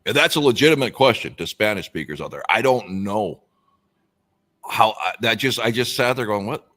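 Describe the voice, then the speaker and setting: Very deep-voiced man musing on a stream. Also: animated, moderate pace, a bit bright. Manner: rambling, musing aloud with many fillers. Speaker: stream co-host reading out chat comments. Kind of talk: casual live-stream chat.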